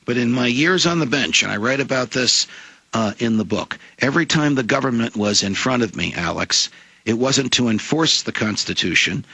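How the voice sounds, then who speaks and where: A man's voice: medium pitch, lively intonation, moderate pace, gravelly, pushed and bright, slightly rough, no echo, rough recording. A middle-aged man, a former judge and author, arguing emphatically as a radio guest with an oratorical, lawyerly cadence. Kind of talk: impassioned talk radio argument.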